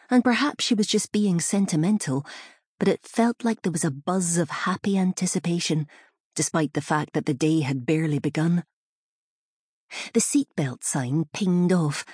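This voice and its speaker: A woman narrating a novel in a measured storytelling manner, close to the mic. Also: low-pitched, darkish tone, slightly rough, no room sound. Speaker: audiobook narrator. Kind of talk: scripted narration.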